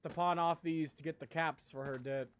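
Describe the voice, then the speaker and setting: A man's voice: on the high side, steady tone, moderate pace. A man streaming a video game, chatting casually as he plays, rambling and laughing often. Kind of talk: casual gameplay chat.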